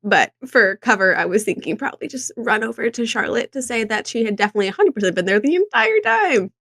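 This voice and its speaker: A woman's voice: fairly high pitch, expressive, fast talker, a bit bright, no room sound, studio quality. A young woman playing in a tabletop role-play, describing her character's actions in a rambling way with many fillers. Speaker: player.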